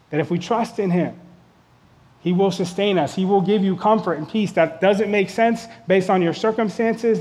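A man's voice: sits high, a little mellow. A male pastor preaching an earnest sermon, repeating key lines for emphasis. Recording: long hall reverb.

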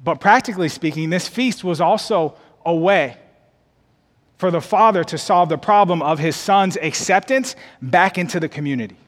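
High-voiced preacher in a reverberant hall. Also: male voice, normal speed. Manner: expressive preaching, climbs higher and louder for emphasis; folksy, addresses the congregation as y'all. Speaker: pastor. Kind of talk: sermon.

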